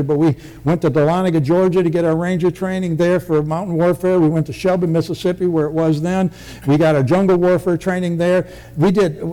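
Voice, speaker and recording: A man's voice: on the high side, warm tone. An older man, a military veteran, recounting his past in a rambling, vivid oral-history style with many restarts.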